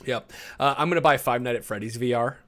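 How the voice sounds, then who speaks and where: A man co-hosting a casual gaming podcast, telling stories in an animated, excitable way. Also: mid-range voice, fast, very noisy. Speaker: podcast co-host.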